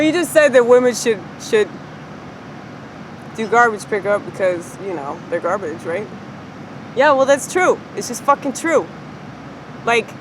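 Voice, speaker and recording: A woman's voice: a little high, a little hiss or hum, poor audio. A woman vlogger delivering an arrogant, combative rant to camera, swearing freely and laughing at her own remarks. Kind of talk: ranting monologue to camera. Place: near a street with trash pickup passing.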